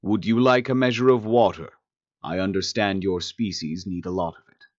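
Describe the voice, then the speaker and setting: A man putting on a courteous male alien for an audiobook, very low rumbling voice, gentle and apologetic. The recording sounds dull and lo-fi. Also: steady tone, moderate pace, close to an everyday voice. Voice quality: deep rumbling voice. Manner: conciliatory and apologetic. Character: polite, soft-spoken male alien diplomat.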